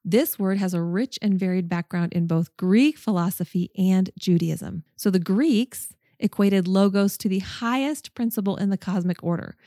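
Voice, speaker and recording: A woman's voice: medium pitch, moderate pace, few pauses, dark tone, no echo, clean studio sound. A woman hosting a podcast, teaching a Bible study in an earnest, enthusiastic and emphatic way, speaking into a microphone. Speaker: podcast host.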